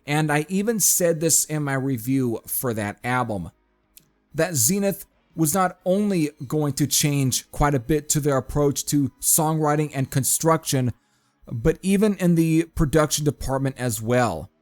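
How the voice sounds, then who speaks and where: A man talks through a metal album review in a casual, rambling way, calling his listeners folks and stopping for an uh now and then. His voice sits a little high for a man, with faint music playing under it. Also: lively intonation, unhurried, a little mellow. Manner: chatty, addresses viewers as folks, frequent fillers.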